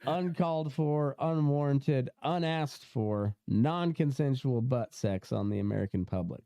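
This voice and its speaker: A young man hosts a loose podcast conversation, rambling through fillers and restarts and breaking into laughter often. His voice comes through smooth and clear. The sound is dry and close, with no room in it. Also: mid-range voice, unhurried, dark tone, no echo. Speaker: podcast host. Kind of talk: casual podcast chat.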